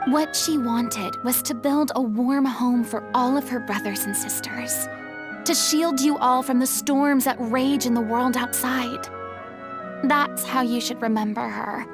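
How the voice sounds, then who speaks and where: A woman's voice: high-pitched, vocal fry. A woman voicing a commanding young female stage diva in a video game, who talks in a stern, lecturing way while still sounding caring. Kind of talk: game voice acting. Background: game music.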